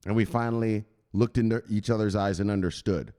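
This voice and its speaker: A man hosting a crypto channel, chatting excitedly and profanely, who shouts out exclamations and then drops to low mutters. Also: brisk. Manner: swings between loud bursts and low mutters. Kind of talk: excited unscripted livestream chat.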